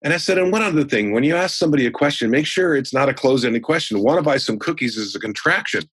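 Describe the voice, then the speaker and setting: This sixties-aged sales trainer, on as a guest, spins homespun stories in a chatty, lively way. He talks fast in a husky, mid-range voice, with no room sound in the recording.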